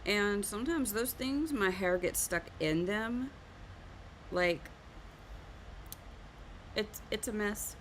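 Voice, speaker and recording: A woman's voice: mid-range voice, takes it slowly, long pauses, a little hiss or hum. A woman hosting a live art stream, chatting casually while teaching drawing and often laughing at herself.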